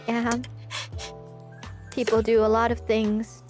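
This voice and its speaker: A woman's voice: on the high side, completely flat delivery, slow pace, over music. A woman guest on a game stream, chatting casually in a teasing, giggly way. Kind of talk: casual gaming chat.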